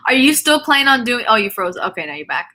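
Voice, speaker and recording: A woman's voice: fairly high pitch, sing-song, quick pace, pushed and bright, poor audio. A woman chatting casually as a guest on a live makeup stream over a video call, giggling often and trailing off mid-sentence. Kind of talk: casual chat.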